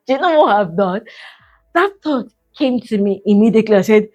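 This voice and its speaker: A middle-aged woman talks as a mindset coach in a relaxed, chatty way, warmly pushing the listener along and calling her "sis". Her voice sits in an ordinary middle range. Soft music plays quietly underneath. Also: medium pitch, moderate pace. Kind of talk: casual coaching talk.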